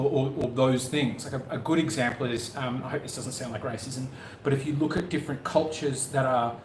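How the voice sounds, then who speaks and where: A man co-hosting a live travel chat, joking and self-mocking, wandering off into rambling asides. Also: mid-range voice. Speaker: co-host of a travel livestream. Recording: echoey room with faint background noise.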